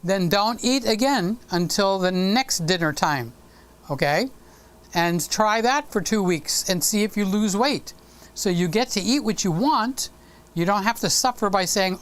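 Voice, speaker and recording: A talkative woman hosts a relaxed live stream from her home. She speaks right to her viewers, teasing them and rambling along. Her voice sits at an ordinary middle pitch. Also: unhurried. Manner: chatty, talks straight to viewers, teasing. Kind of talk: casual live stream chat.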